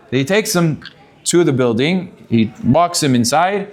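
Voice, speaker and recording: A rabbi giving a sermon to students. His voice sits fairly high, and he tells stories in an animated way, mixing in Hebrew terms. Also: moderate pace.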